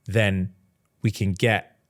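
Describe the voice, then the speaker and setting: A man on a casual podcast, retelling a story with lively acted-out voices for each character. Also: fairly low pitch. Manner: animated, acts out characters in quick changing voices. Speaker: podcast co-host.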